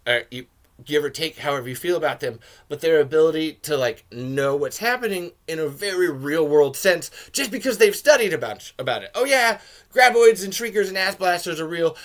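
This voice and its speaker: A man hosting a podcast, giving a rambling, casual film commentary with swearing and sudden shouted jokes. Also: a little high. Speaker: podcast host reviewing a film.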